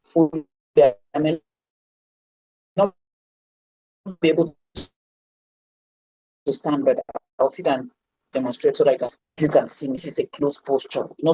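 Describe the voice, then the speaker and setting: A woman's voice: sits low, steady tone, moderate pace, long pauses, mellow, slightly rough, no room sound, poor audio. A woman coaching public speaking in a live online lesson, stressing and repeating her key words. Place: indoors, seated.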